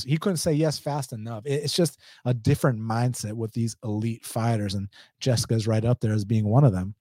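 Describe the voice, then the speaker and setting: A man's voice: medium pitch, a little fast, warm tone, no room sound, studio quality. Blunt slangy Atlanta man streaming. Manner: blunt, slangy, laughs often. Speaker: MMA betting livestream host. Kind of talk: casual livestream chat reading viewer comments.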